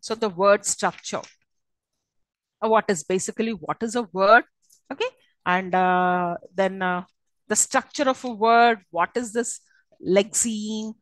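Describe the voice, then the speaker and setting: A woman's voice: medium pitch, a little slow, dry recording, rough recording. A woman with an Indian English accent giving a university lecture on phonetics, with many fillers and frequent checking questions to the class.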